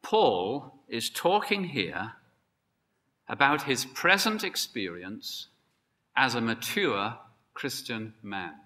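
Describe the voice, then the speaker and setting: A man preaching a sermon, emphatic and building to excited peaks. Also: mid-range voice, slow pace. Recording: long hall reverb.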